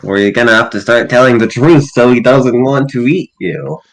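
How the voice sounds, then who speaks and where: A man's voice: medium pitch, normal speed. A man playing in a tabletop game, questioning a character in a dry way. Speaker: player. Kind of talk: casual tabletop play.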